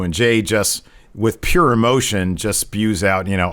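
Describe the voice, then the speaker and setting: A man's voice: fairly low pitch, normal speed, fairly bright tone, clean tone. A man co-hosting a casual wrestling review show, retelling a segment at length with lots of "uh" fillers. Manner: recaps at length with many fillers. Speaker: podcast co-host.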